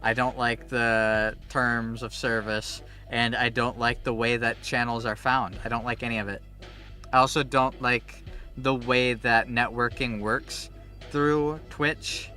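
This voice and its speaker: Casting: young male streamer, bright tense voice, rambly and animated, swears a lot, faint game music behind. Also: mid-range voice, measured pace. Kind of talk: casual chat while gaming.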